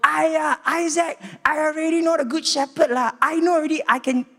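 A man's voice: very high voice, steady tone, moderate pace, gravelly, a bit bright, voice pushed up, heavily acted. A man voicing a complacent, drowsy churchgoer, sounding whiny and offhand. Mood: dismissive. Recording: echoey church hall reverb.

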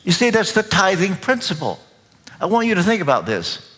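A man with a Kentucky accent preaching a sermon as pastor, slow, deliberate and emphatic. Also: sits high, sing-song, a bit bright. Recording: long reverb of a large hall.

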